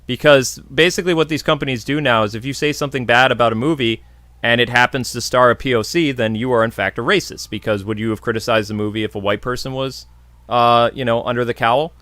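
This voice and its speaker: A man's voice: medium pitch, fast, a bit bright, no room sound. A man hosting a podcast, casually answering viewer questions in a blunt, jokey, opinionated way. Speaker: podcast host.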